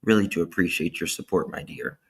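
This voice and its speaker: A tired man hosting a casual live stream from indoors, warmly thanking chat viewers through his laptop microphone. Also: deep voice, brisk, vocal fry, breathy edge. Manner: warm, effusive thanks to chat members. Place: indoors at home. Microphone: laptop camera mic.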